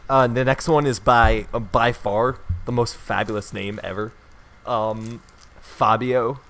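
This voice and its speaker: A man's voice: mid-range voice, fairly even intonation, unhurried, fairly bright tone. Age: adult. Sex: man. Role: upbeat podcast host. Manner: upbeat, joking, leads the segments. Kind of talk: casual podcast chat.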